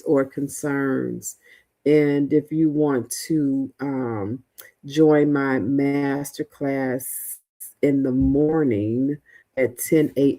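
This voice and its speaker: A middle-aged woman talks loosely to her livestream viewers. Her voice sits low and warm, and she takes her time, trailing off into fillers and restarting her thoughts. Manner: chatty, rambling, many fillers and restarts. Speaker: livestream host, veteran housing mentor. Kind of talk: casual livestream chat reading viewer comments.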